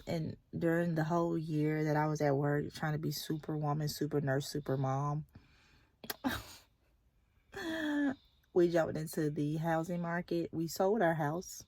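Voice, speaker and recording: A young woman who's a nurse and vlogger chats candidly at a kids' sports game, occasionally lowering to a whisper. Her voice sits on the low side, mellow with vocal fry.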